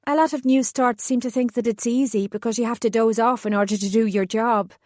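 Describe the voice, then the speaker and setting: A woman narrator voicing a businesslike female fairy assistant manager with a faint Irish accent, brisk but reassuring. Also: on the high side, steady tone, darkish tone, no room sound, clean studio sound, close to an everyday voice.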